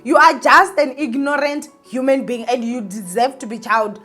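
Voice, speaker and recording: A woman's voice: high-pitched, a little fast, hardly any pauses, a bit bright, soft background music. A woman giving an opinionated vlog commentary, ranting indignantly and speaking straight to her viewers. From South Africa. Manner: emphatic, repeats points, many fillers. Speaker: entertainment vlogger.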